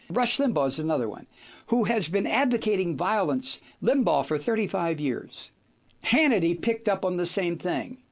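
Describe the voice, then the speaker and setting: Ranting talk radio man, high and lively. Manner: angry, insulting, theatrical ranting. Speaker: radio talk show host. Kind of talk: political talk radio rant.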